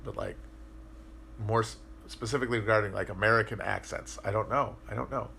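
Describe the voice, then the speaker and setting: A man's voice: fairly low pitch, fairly quick, creaky, pushed and bright, a little hiss or hum. A man hosting a podcast livestream, chatting casually and answering viewer comments, rambling and swearing as he thinks aloud with frequent restarts. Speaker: podcast host.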